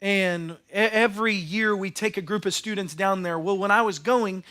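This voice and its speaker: High-voiced preacher. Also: male voice, moderate pace, bright, forceful tone, smooth. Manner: earnest storytelling preacher. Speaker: pastor. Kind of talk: sermon.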